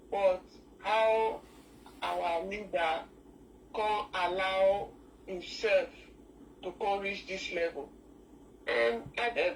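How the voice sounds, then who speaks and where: A woman with a Nigerian accent calling in to a talk show, talking in an emotional, halting way with many restarts. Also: mid-range voice, distant mic, slight background noise, poor audio. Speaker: caller. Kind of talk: call-in discussion, mixing English and Pidgin.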